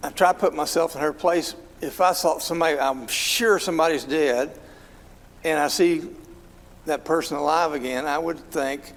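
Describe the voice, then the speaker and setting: A man's voice: on the high side, steady tone, normal speed, in a large hall, poor audio. A man leading an informal Bible study in a church, talking conversationally and asking his class questions. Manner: conversational, asks the class questions, many fillers. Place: church hall.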